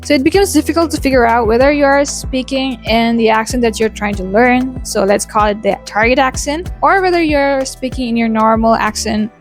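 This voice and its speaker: A woman's voice: a little high, fairly quick, few pauses, faint music behind. A woman from India chatting casually in a vlog, explaining accent practice with "you know" asides and tag questions. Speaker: YouTuber teaching accents.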